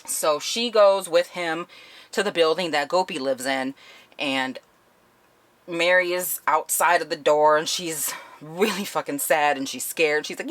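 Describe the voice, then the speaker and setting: A woman's voice: sits low, expressive, moderate pace, no room sound. A woman giving a casual spoken book review, retelling the plot bluntly and swearing often.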